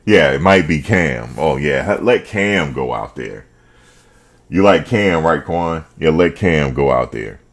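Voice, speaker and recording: A man hosting a fan show, talking football in a casual, animated way, full of slang and repetition. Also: very deep voice. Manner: animated, repeats himself, slangy.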